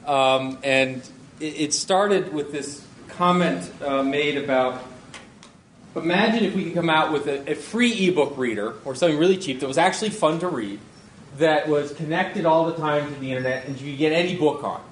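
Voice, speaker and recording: A middle-aged man giving a conference talk as a guest speaker, animated and self-deprecating, laughing often. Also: a little high, normal speed. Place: lecture hall. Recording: echoey hall, faint noise.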